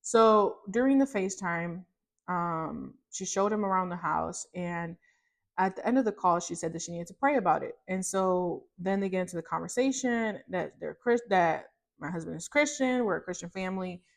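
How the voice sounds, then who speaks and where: A woman in her thirties, a podcast host, telling a personal faith testimony in casual chat, animated and rambling with many fillers and restarts. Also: lowish voice, normal speed, vocal fry. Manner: animated, acts out her own reactions in quotes.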